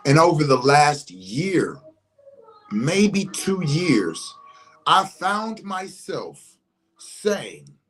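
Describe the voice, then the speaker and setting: A man's voice: fairly high pitch, sing-song, drawn-out words, a bit bright, low-quality recording. A man, talking in a casual monologue and acting out scenarios with rhetorical questions. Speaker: commentator.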